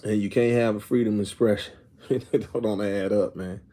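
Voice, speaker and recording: Middle-aged guy rambling to his viewers, warm low-key voice, keeps asking if you get him. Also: steady tone, normal speed. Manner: rambling, repeats "you know what I'm saying"; reads viewer comments aloud. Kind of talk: casual opinion talk to viewers.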